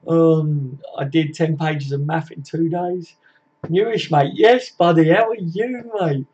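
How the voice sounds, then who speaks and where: A man's voice: fairly high pitch, a little mellow, husky. A man, hosting a casual live stream and reading out viewer comments in a chatty, matey way, swearing freely. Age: 40s. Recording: dull lo-fi stream audio.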